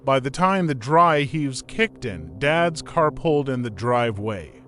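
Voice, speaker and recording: Steady male horror story narrator. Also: medium pitch, unhurried.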